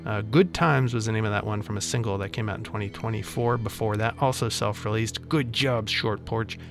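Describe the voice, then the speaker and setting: A man's voice: lowish voice, a little fast, creaky. A man hosting a radio music show, casually back-announcing songs with wry, self-mocking asides into a studio microphone.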